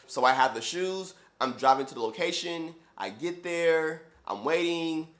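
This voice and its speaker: A young man, a running shoe vlogger, telling a story in an animated, exasperated way, full of "like". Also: a little high, moderate pace, hardly any pauses. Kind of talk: casual storytelling.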